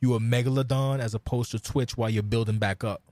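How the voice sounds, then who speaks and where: A man hosting a podcast in casual chat, blunt and profane, telling animated stories into a mic. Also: medium pitch, fast talker, no echo, clean studio sound. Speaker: podcast host.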